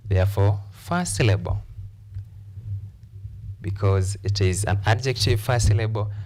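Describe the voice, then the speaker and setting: A man teaching an English lesson on word stress, explaining slowly and repeating key points for his class. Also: fairly low pitch, a little mellow, a little hiss or hum. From Kenya. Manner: slow, repetitive, deliberate explanation.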